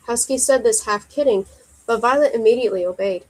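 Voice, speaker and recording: A woman reading her own romance story aloud in a steady, even voice. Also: fairly high pitch, brisk, poor audio.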